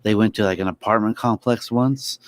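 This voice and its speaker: A man chimes into a casual chat with dry, teasing asides. His voice sits on the low side, and the recording is close and dry. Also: brisk, no echo.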